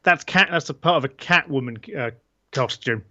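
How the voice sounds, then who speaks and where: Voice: medium pitch, normal speed, bright, forceful tone. A co-host throwing in casual, joking commentary with dry, wry asides. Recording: dull lo-fi sound.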